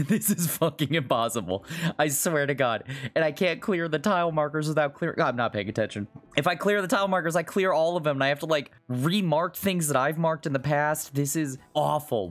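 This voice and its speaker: A gaming video host giving frustrated running commentary at home, swearing and talking to themselves while struggling through a hard level. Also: mid-range voice.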